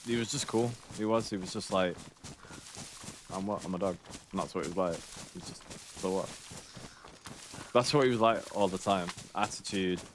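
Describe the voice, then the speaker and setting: A man's voice: low-pitched, a little hiss or hum. A man in his thirties chatting casually while streaming a game, rambling and swearing as he tells stories. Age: 30s. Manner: rambling, sweary, laid-back storytelling. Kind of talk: casual chat while gaming.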